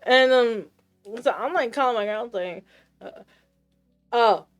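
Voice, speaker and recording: A woman with a somewhat high voice tells her chat a story in a loose, animated rant. She acts out both sides of the exchange as she goes. Soft lo-fi music plays faintly behind her. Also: unhurried. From United States, of Puerto Rican Caribbean roots. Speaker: streamer.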